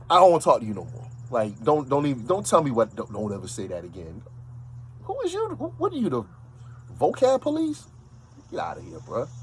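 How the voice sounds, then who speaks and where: Animated New York man, casual talk. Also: lowish voice, slight background noise, poor audio. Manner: animated, emphatic, repeats himself. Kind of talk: casual monologue.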